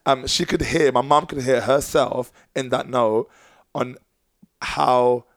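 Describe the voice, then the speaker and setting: Brief: male podcast guest, mid-pitched, earnest and rambling, very dry close-miked sound. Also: steady tone, slow pace, no echo. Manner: earnest, rambling with many fillers and restarts. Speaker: professional dancer and choreographer, guest. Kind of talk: casual podcast chat.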